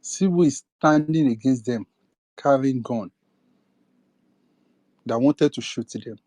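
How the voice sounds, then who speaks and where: A man's voice: medium pitch, slow pace, dark tone, no echo. A young man with a Nigerian accent giving an impassioned political rant, firing off indignant rhetorical questions. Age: young adult. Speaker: speaker in an online audio space.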